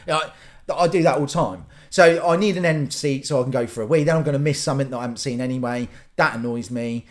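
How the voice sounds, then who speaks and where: A man's voice: mid-range voice, fast talker. A young man ranting casually in a solo vlog, rambling and acting out little scenes in silly voices. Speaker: vlogger.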